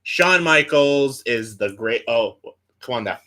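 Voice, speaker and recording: A young man with a bright, forward voice, talking through a countdown in casual chat. He is animated, jumping into loud impressions and back into easy banter. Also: medium pitch, slow pace. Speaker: co-host.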